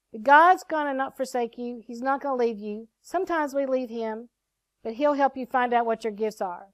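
A middle-aged woman minister giving an animated testimony and sermon, acting out the lines she quotes. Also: on the high side, no echo. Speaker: prophet and minister.

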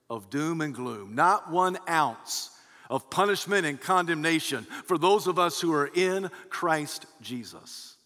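A man's voice: on the high side, sharp tone. A male pastor giving an emphatic sermon, swelling and dropping his voice for emphasis, in a large church. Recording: long hall reverb.

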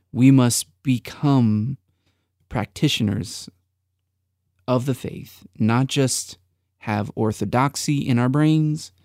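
A man's voice: medium pitch, gravelly, warm tone, no echo, clean studio sound. A man co-hosting a faith podcast, talking earnestly with a preacher's emphasis on his points. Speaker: podcast co-host. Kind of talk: reflective faith podcast talk.

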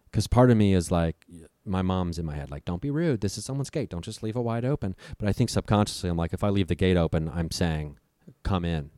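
A young man with a low, deep, warm voice, appearing as a storyteller guest, recounts a scary night in casual conversation. He speaks vividly and profanely, slipping into the voices of the people in the story. The recording is close and dry with no room sound.

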